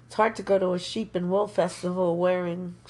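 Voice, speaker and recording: A woman's voice: lowish voice, flat delivery, brisk, over a noisy crowd. A woman from New York, co-hosting a podcast in playful, chatty conversation. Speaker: podcast co-host. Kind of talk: casual chat.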